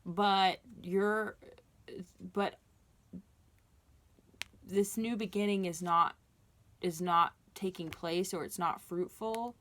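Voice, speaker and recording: A woman's voice: mid-range voice, fairly even intonation, takes it slowly, long pauses, a bit bright. A woman giving a casual tarot reading, talking in an earnest, reassuring way with many fillers and restarts. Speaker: tarot reader.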